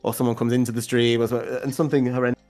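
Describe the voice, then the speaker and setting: A man co-hosting a casual podcast stream, relaxed and jokey, greeting chat viewers. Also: mid-range voice, very fast. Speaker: podcast co-host. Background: faint lo-fi music.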